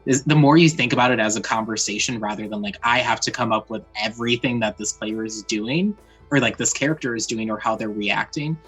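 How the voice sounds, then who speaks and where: Earnest player, husky, encouraging, casual tone. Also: mid-range voice, a little fast, fairly bright tone, faint music behind, rough recording. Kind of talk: casual chat about tabletop gaming.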